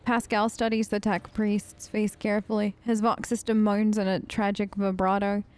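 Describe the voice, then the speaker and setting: A woman's voice: mid-range voice, little pitch movement, moderate pace, darkish tone. A woman hosting a let's play, chatting casually and reading game text aloud with restarts and asides.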